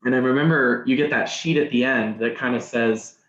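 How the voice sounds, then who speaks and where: A man's voice: mid-range voice, fairly quick, fairly bright tone. A man guest on a podcast, telling a story casually, rambling, with many restarts and "like"s. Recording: roomy, dull sound.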